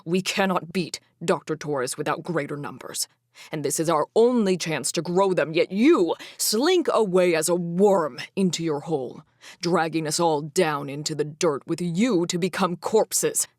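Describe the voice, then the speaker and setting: A woman reads a fantasy audiobook, performing a proud male Fae king who fiercely spits out formal, furious accusations. She speaks unhurriedly in a low, darkish voice, in a dry, studio-quality recording.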